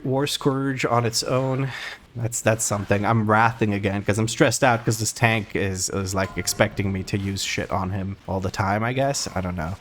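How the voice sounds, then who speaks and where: A man's voice: on the low side, slight background noise. A man giving casual live commentary while he plays a game, rambling to himself with wry, mildly exasperated asides. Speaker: gameplay commentator.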